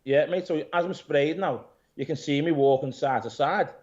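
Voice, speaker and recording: A man, an interview guest who owns a gym, retelling events in a rambling, animated way, swearing and calling people "mate". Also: on the high side, moderate pace. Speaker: interview guest, gym owner and pro bodybuilder. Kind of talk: casual storytelling interview. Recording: dull lo-fi audio.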